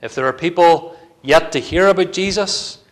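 A man's voice: a little high, moderate pace. A man preaching a sermon in a church, earnest and building to fervent emphasis.

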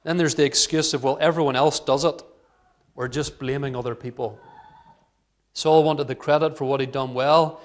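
A man delivers an earnest expository sermon from the pulpit. His voice sits a little high for a man. He reads scripture aloud and brings its dialogue to life with rising emphasis. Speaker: preacher.

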